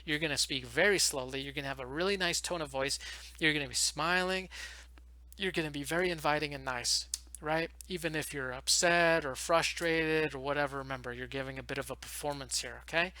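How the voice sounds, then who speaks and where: Guy on a headset giving teaching tips, real bright voice, fast and pumped, dry close sound. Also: a little high, no echo. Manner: fast, animated, coaching tone. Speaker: online ESL teacher giving advice. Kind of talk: casual advice video.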